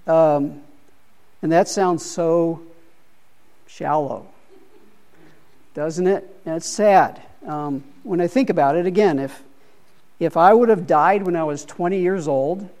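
A man's voice: fairly high pitch, takes it slowly, pauses often, darkish tone. A middle-aged man leading a Bible study group, talking through ideas with many restarts and repeated words. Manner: hesitant, repeats words, thinks aloud.

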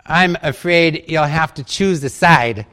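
A man's voice: fairly high pitch, a little slow, bright, forceful tone. A man voicing a polite, inexperienced young wedding usher, in a joke told in a sermon. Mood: earnest.

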